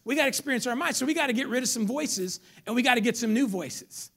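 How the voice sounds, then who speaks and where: Fiery, high-pitched preacher with a gravelly edge. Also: male voice, quick pace. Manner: animated preaching, rising to loud calls then dropping to near whispers; casual street slang. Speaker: pastor. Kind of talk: sermon.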